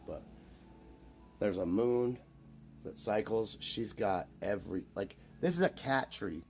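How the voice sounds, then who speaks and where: Speaking at normal speed with a lowish voice, a streamer rambles casually, cursing a lot and showing off as he skips from tale to tale. Hum and room noise fill the recording.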